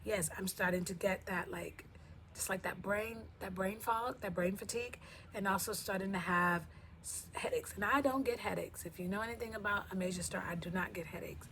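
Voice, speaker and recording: A woman's voice: medium pitch, a little fast, fairly bright tone, slight background noise. A woman vlogger talking casually to camera, chatty and playful. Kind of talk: casual talk to camera with skits.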